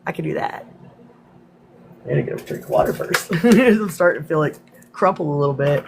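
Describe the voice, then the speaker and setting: A woman hosting a casual livestream, greeting commenters by name and swearing freely, her voice slightly hoarse. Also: low voice, expressive, brisk, noisy background. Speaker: livestream host. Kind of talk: casual livestream chat and reading her own poems.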